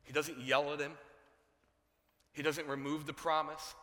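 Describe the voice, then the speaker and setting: A man preaching a sermon, telling a story with animated voices for its characters. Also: on the high side, measured pace, long reverb tail. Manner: animated storytelling, acting out dialogue. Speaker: pastor.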